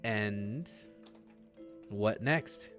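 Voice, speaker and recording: A man's voice: lowish voice, extremely slow, music in the background. A man narrating as game master of a tabletop game, laughing with his players.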